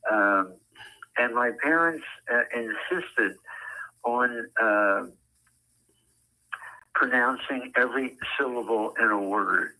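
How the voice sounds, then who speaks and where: An older man who works as a ballpark public address announcer, speaking as an interview guest with precise enunciation and frequent "uh" pauses. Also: medium pitch, pushed and bright, low-quality recording.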